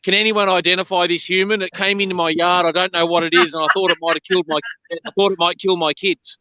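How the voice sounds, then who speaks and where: A man voicing a fretful snake in a joke, talking in a rushed, worried way. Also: high voice, level tone, sharp tone, dry recording, rough recording. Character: panicky snake posting online.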